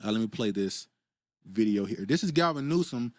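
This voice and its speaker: A man's voice: fairly low pitch, animated, moderate pace, dry recording, clean studio sound. A man hosting a casual political commentary stream, laughing often as he reads viewer comments aloud. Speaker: host reading live chat.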